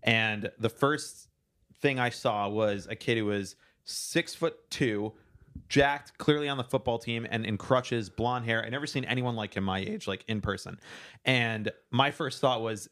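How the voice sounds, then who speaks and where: A man's voice: medium pitch, measured pace. A young man casually telling a long story, acting out quotes along the way. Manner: animated storyteller, acts out quotes.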